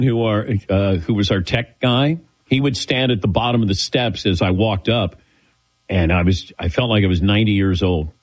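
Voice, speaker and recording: A man's voice: fairly low pitch, poor audio. A man hosting a show, telling a long rambling story in a casual way and acting out the voices of people he quotes. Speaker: show host.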